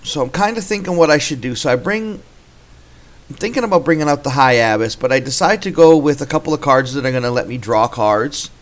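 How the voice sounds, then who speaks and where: Male gameplay host, mid-pitched, relaxed think-aloud commentary with restarts. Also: brisk.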